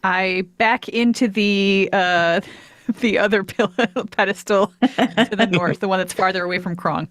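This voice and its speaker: A playful tabletop game player, chatting casually and laughing through hesitant restarts. The voice sits mid-pitched and dry. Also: measured pace, a bit bright, dry recording.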